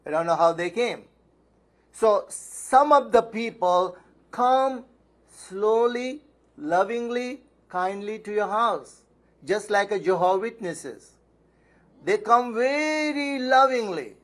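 Here a pastor delivers a sermon with Bible reading in a high voice, moving slowly with lively intonation. He speaks emphatically, answering his own questions and repeating phrases to drive points home.

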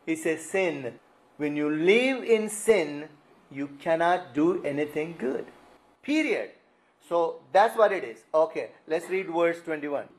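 A man's voice: on the high side, expressive, takes it slowly, poor audio. A man preaching a sermon, acting out quoted cries as he explains scripture. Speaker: pastor.

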